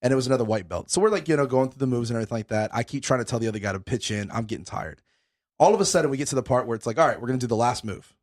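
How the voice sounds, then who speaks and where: A young man, a podcast host, telling a story in casual chat, animated and swearing a lot, still out of breath. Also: mid-range voice, very fast.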